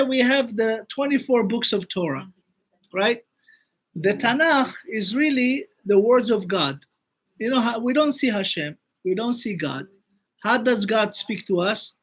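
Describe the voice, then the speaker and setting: A man's voice: very high voice, a bit bright. A man, a rabbi teaching a Torah class and telling stories, acting out the quoted speech with animation.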